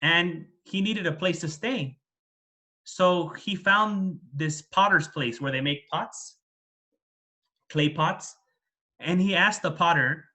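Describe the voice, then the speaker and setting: A man's voice: a little high, takes it slowly, long pauses, pushed and bright. A man, a Buddhist monk, retelling a scripture story in a plain, repetitive way with fillers. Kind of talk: dharma talk storytelling.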